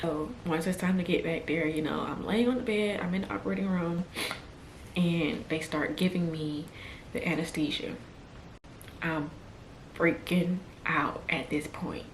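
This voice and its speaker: A woman's voice: lowish voice, steady tone, a little slow, reverberant, a little hiss or hum, low-quality recording. A young woman in her twenties telling a personal story on her vlog, emotional and trying not to cry. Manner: emotional, fighting back tears. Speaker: vlogger.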